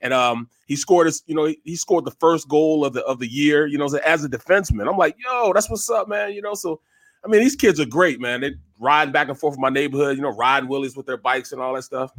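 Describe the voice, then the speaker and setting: A man, co-host and former football player, telling a story in casual chat and acting out the voices with loud bursts. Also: a little high, quick pace, no echo. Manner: acts out dialogue with loud bursts.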